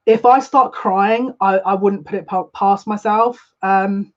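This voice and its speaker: Her tone steady and pace measured, a woman with a middling voice chats through a live collective tarot session. She rambles and is openly emotional, and the audio comes across a bit dull and lo-fi.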